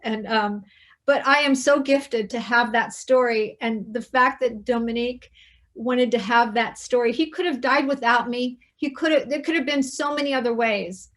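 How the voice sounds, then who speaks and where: Soft-spoken woman telling a personal story. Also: a little high, steady tone, normal speed. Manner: soft, hushed retelling with quoted dialogue. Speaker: interview host.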